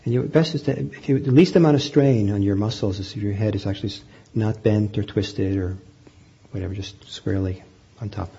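A man teaching meditation, guiding a group in a gentle, unhurried way with frequent pauses and fillers. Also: on the low side, vocal fry, breathy edge, muffled recording. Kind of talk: guided meditation instruction.

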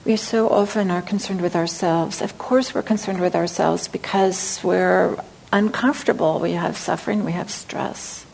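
A woman meditation teacher giving a dharma talk, speaking gently and reflectively, sometimes dropping to a soft near-whisper. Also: fairly low pitch, fairly even intonation, normal speed, gravelly, a little hiss or hum, poor audio.

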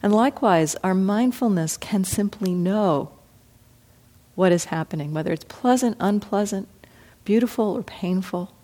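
A woman meditation teacher giving a reflective dharma talk, gently acting out her own inner thoughts as she speaks. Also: medium pitch, a little slow.

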